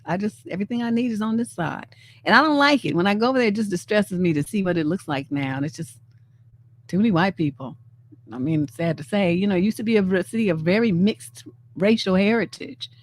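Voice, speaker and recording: A woman from San Francisco hosting a live stream, giving casual, animated commentary on memes and often acting out the lines she quotes. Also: medium pitch, fast talker. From San Francisco, USA.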